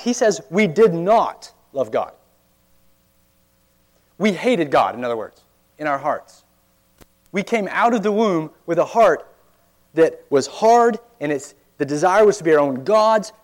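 A man preaching a sermon in an earnest, conversational way, often asking his listeners rhetorical questions. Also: fairly high pitch. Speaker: pastor.

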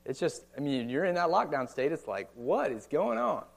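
A man's voice: a little high, big pitch swings, normal speed, gravelly. A man in his thirties with an American accent, preaching a sermon in a conversational way with frequent rhetorical questions and casual asides. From United States. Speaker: pastor. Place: church or meeting hall.

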